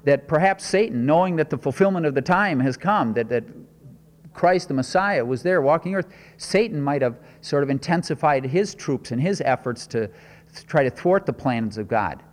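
Guy preaching in a big echoey hall, chatty, keeps asking the room questions, voice sits a bit high. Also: animated, normal speed. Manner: conversational, rhetorical questions, frequent restarts. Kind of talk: expository sermon.

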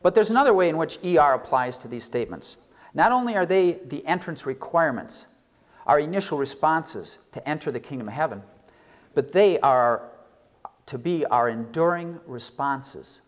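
A man, a pastor, is preaching and reading scripture in a slow, measured, expressive way. Key words get heavy stress, his pitch and volume rise and fall dramatically, and he slows on the most important lines.

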